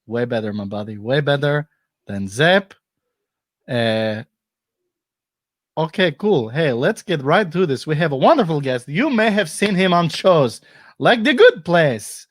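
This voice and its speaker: A man's voice: a little high, animated, normal speed, no room sound, studio quality. A man hosting a casual live-stream comedy chat, playful and joking, laughing often. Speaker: host.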